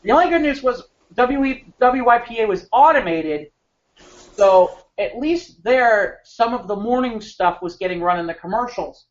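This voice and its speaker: A man co-hosting a podcast, telling an animated, rambling anecdote with frequent restarts. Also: very high voice, moderate pace. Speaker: podcast co-host. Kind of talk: casual storytelling chat. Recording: slightly muffled podcast audio.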